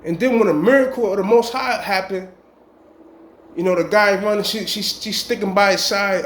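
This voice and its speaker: A man's voice: high-pitched, normal speed, a bit bright. A man telling a long dream story in casual, rambling street slang with emphatic warnings. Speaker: vlogger. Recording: echoey room.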